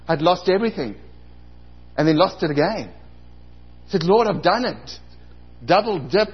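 A man's voice: sits high, animated, moderate pace, long pauses, breathy edge. A man in his forties preaching a sermon as pastor, telling stories and acting out his own past outbursts. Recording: dull lo-fi recording.

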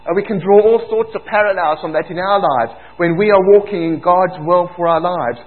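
A South African man preaches a sermon from the pulpit, earnest and rising to emphatic points. His voice sits a little high for a man. The recording sounds thin and phone-like. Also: brisk. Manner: earnest, building to emphatic exclamations. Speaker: pastor.

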